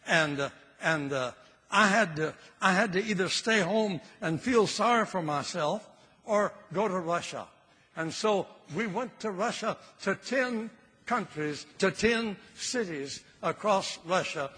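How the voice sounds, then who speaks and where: A man's voice: high-pitched, expressive, unhurried, pushed and bright, husky, long reverb tail. An older man preaching a sermon with fervor, repeating phrases for emphasis.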